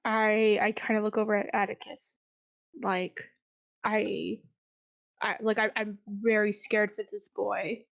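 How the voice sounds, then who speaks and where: A woman's voice: mid-range voice, flat delivery, slow pace, creaky. Chatty woman playing a horror game. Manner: chatty, hesitant, swears casually. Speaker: player. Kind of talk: casual tabletop role-play.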